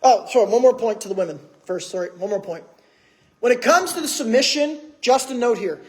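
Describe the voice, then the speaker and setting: A man's voice: very high voice, expressive, fairly quick. A man preaching a sermon in church, conversational, with many rhetorical questions. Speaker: pastor.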